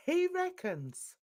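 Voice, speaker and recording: A middle-aged woman, hosting a live reaction stream with scornful, laughing commentary. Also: very high-pitched.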